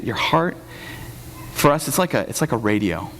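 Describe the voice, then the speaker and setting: A young man preaching a sermon in a casual, joking way, slipping into lively voices for quotes. His voice sits at an ordinary pitch and carries a long reverb from a church hall. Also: moderate pace, slight background noise. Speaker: pastor.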